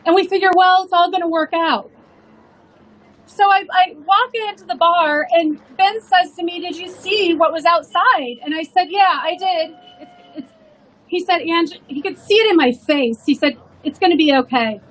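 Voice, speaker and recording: A woman's voice: very high voice, moderate pace, a bit bright, poor audio. A woman, a restaurant owner, telling an emotional story in an earnest rally speech.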